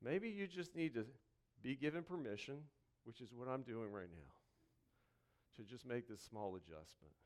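A male pastor with an expressive, medium-pitched voice preaches conversationally, shifting between joking asides and slow, quiet reflection. He repeats key phrases slowly to drive them home.

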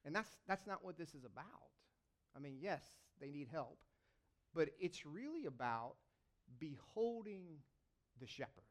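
A man's voice: on the high side, very animated, unhurried. A man giving a sermon in a conversational, storytelling way, often restarting his sentences. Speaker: lay preacher.

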